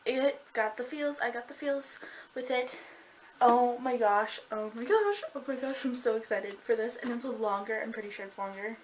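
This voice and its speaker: A woman gushing excitedly about a book in a casual review vlog, full of "like" and breathless reactions. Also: a little high, normal speed, slight background noise, poor audio. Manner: gushing and excitable, heavy use of "like".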